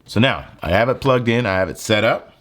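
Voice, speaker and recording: Young male tech creator, low voice, relaxed filler-heavy delivery. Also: brisk. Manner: relaxed, conversational, lots of fillers. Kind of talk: casual gear tutorial. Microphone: handheld phone mic.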